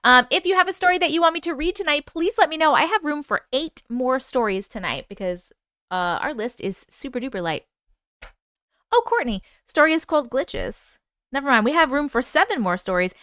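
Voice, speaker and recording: A woman's voice: sits high, expressive, brisk, bright, forceful tone, no room sound, studio quality. A woman hosting a casual livestream, chatting loosely, swearing freely and greeting and thanking viewers by name. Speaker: livestream host.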